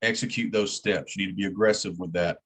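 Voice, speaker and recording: A man's voice: deep voice, fairly even intonation, fast talker, fairly bright tone, slightly rough. A man teaching an EMT class in a plain-spoken way, repeating key words for emphasis. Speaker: EMT instructor. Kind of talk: classroom lecture.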